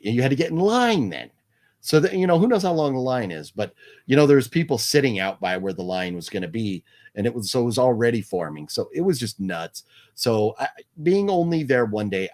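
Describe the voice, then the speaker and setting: A man with a fairly low voice hosts a casual live movie news stream. He rambles loosely, filling his talk with ums, likes and restarts. He stops now and then to read viewer comments aloud. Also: a little mellow.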